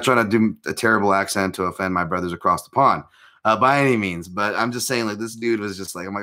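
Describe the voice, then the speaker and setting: Man, very low pitch, bright forceful tone, live stream host, rambling, filler-heavy, self-deprecating. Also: fast talker. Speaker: host of a live MMA chat. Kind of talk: casual live-stream chat.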